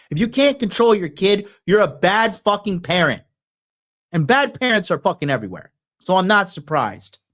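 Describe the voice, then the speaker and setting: Profane ranting man, lively pitch. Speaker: podcast host. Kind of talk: ranting commentary.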